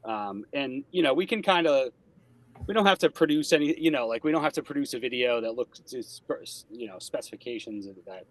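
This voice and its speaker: A laid-back man co-hosting a podcast at a middle pitch. He is sick and talks in an easy, hedging way. His voice is recorded close and dry. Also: expressive, brisk, dry recording. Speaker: podcast co-host. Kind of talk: casual podcast chat.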